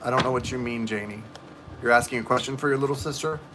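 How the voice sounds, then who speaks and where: A man's voice: medium pitch, fairly even intonation, fast talker, over loud music. A man giving tarot readings on a live stream, chatting and rambling to viewers in the chat. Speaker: tarot reader.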